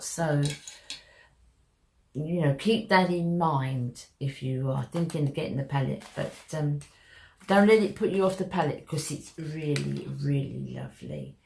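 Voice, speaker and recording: A woman's voice: low-pitched, sing-song, unhurried, creaky, mellow, slight background noise. A woman talking viewers through a makeup tutorial in a chatty, step-by-step way. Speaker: makeup vlogger.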